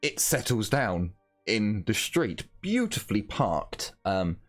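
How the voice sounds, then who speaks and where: A man game master narrates a tabletop scene, his voice low-set and swinging widely in pitch. He speaks slowly and meanders through his descriptions, while faint music plays underneath. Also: very animated. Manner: meandering, full of fillers and restarts.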